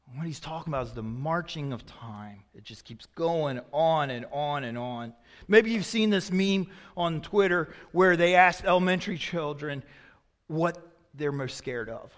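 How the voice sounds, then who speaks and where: A man with a high voice delivers a sermon like a story told to friends, leaning hard on some lines and dropping almost silent on others. His words echo with the long reverb of a large church sanctuary. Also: expressive, measured pace. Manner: conversational storytelling, swinging between loud emphasis and hushed asides. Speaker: pastor.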